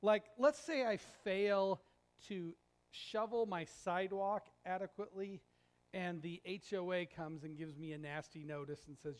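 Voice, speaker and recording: A male pastor giving a sermon in a conversational, animated storytelling way with jokes. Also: high-pitched, normal speed. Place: church sanctuary.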